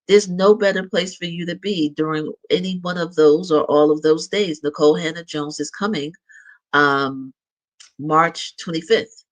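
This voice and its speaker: A man's voice: a little high, moderate pace, low-quality recording. A middle-aged man hosting a live show, chatting casually and upbeat as he makes announcements. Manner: chatty and upbeat, with light laughs and restarts. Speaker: show host.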